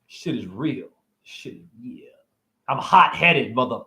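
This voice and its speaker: A man hosting a spiritual video, rambling in an erratic, free-associating monologue with shouted asides. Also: mid-range voice, animated, slow.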